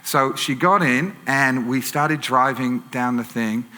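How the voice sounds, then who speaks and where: English man preaching in a bright, reverberant hall. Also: medium pitch, slow pace. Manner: conversational storytelling with fillers and self-corrections. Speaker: pastor. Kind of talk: sermon. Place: church auditorium. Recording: long church hall reverb.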